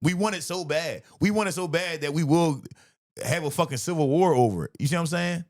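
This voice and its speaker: A man, a comedian hosting a podcast, in a profane, animated comedic rant, laughing often. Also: fairly high pitch, a little fast.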